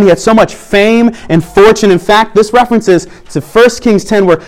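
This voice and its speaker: A man preaching a sermon in an earnest way, slowing down to stress key points. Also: sits high. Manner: earnest preaching, slows down for emphasis. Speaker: pastor.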